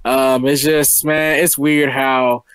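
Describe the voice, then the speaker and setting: A man's voice: mid-range voice, little pitch movement, slow, fairly bright tone, clear, resonant tone, no echo. Laid-back man, dry close sound. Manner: laid-back, mildly disappointed. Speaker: co-host reviewing wrestling. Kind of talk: casual review chat.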